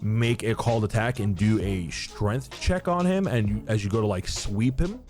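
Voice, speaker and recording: A man's voice: on the low side, animated, normal speed, over music. A young man running a tabletop game as dungeon master, narrating casually with plenty of swearing. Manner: casual, profane, laughing narration.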